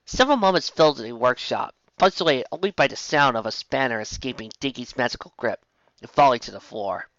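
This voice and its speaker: A woman reading a fan story aloud in an expressive storytelling voice. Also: a bass voice, fairly quick, dry recording, lo-fi sound. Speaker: reader.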